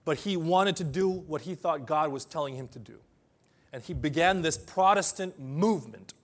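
Male pastor, fairly high voice, animated sermon delivery with loud peaks and hushed asides. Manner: animated, swings between loud emphasis and soft asides.

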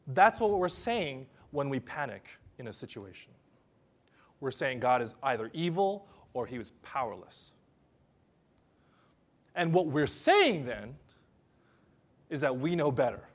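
A man preaching a sermon, swinging between loud emphatic bursts and quiet, soft asides. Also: mid-range voice, big pitch swings, measured pace, pauses often. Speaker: pastor.

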